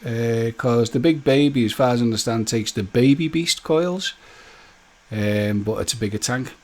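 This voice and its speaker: A man's voice: medium pitch, moderate pace. A man hosting a casual live stream, chatting with his viewers by name and joking as he goes. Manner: chatty and jokey, speaks straight to viewers by name; loose rambling talk with many fillers and restarts.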